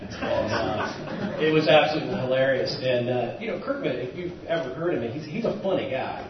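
A man's voice: medium pitch, lively intonation, brisk, dull audio, background noise. A man on a podcast panel, telling a story and laughing along the way. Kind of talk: anecdote telling. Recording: distant roomy hall mic, crowd.

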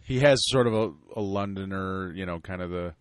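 A man co-hosting a podcast in casual chat, talking hesitantly with lots of restarts and often trailing off quietly. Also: low voice, a little fast, no room sound, clean studio sound. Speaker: podcast co-host.

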